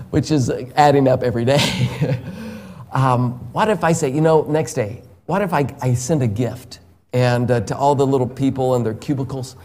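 A man sharing the gospel one-on-one. He speaks slowly and with emphasis, chuckling often as he explains with everyday examples. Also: medium pitch, darkish tone.

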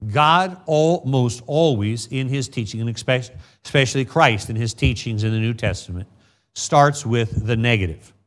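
Middle-aged male pastor telling folksy stories. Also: medium pitch. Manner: reads scripture slowly, then tells folksy personal stories. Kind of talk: sermon.

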